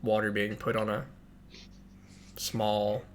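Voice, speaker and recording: A man's voice: on the low side, monotone, takes it slowly, a little hiss or hum. Man running a tabletop game, loose narration. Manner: loose, hesitant narration with fillers. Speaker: game master.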